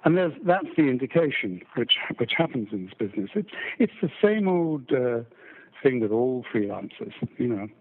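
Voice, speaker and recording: Older baritone narrator, mid-Atlantic accent, chatty and stammering, tinny phone sound. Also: male voice, very animated, moderate pace, slightly rough. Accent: mixed British-American. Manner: chatty, self-deprecating, frequent stammering restarts. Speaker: audiobook narrator guest. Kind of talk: casual interview chat.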